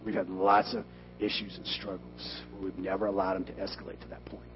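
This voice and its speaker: A middle-aged man preaching a sermon in a low voice, animated and quick to burst out loud when acting out arguments. The recording is dull and lo-fi, with a faint hum underneath. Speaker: pastor.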